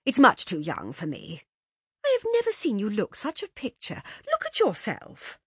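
A woman reading a story aloud, voicing a genteel middle-aged mother whose drawn-out, indulgent talk turns coldly firm. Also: mid-range voice, wildly swooping pitch, a bit bright, slightly rough, no room sound, clean studio sound, voice pushed up, heavily acted.

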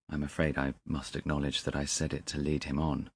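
A man narrating a classic story as an audiobook in a measured, deliberate manner. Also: a bass voice, steady tone, no echo.

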